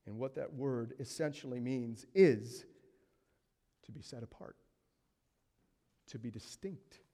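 A man's voice: medium pitch, takes it slowly. Emphatic preacher man in a reverberant hall. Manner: emphatic preaching, swinging from hushed to loud. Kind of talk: sermon.

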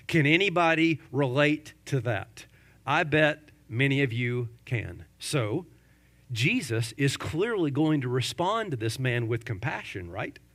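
High, bright-voiced man preaching animatedly. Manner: animated, with rhetorical questions and joking asides. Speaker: pastor. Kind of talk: sermon.

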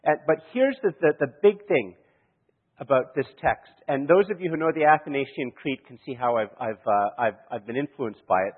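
Male preacher, storytelling sermon style, husky, heard through a thin lo-fi recording in a reverberant hall. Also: medium pitch, brisk. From Canada. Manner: storytelling, chuckling, many restarts. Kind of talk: sermon with anecdotes. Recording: echoey hall, tinny lo-fi sound.

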